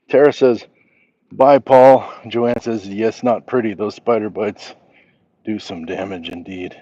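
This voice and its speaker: Low-voiced man chatting on a walk. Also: takes it slowly, pauses often, slightly rough, muffled recording. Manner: relaxed, reads chat messages aloud. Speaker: livestream host. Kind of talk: casual walk-and-talk livestream.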